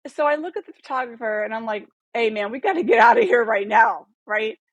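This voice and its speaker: A woman in her thirties, a podcast guest telling a long story in a casual, animated way, swearing freely and acting out the dialogue. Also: fairly high pitch, fairly quick, vocal fry, no echo, dull audio. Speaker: podcast guest, photographer and former model.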